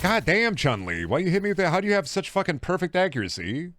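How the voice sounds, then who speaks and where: A young man streaming a video game, chatting casually with a rambling, jokey, profane manner and sudden excited outbursts. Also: sits high, fast talker, a little hiss or hum. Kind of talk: casual gaming stream chat.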